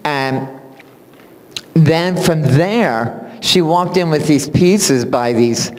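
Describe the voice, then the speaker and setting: A man, a music teacher, giving a spoken introduction at a recital in animated storytelling fashion, acting out what people said and laughing often. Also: on the high side, drawn-out words. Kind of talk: spoken tribute speech at a recital. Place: recital hall. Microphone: far camera. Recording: long hall reverb from a camera.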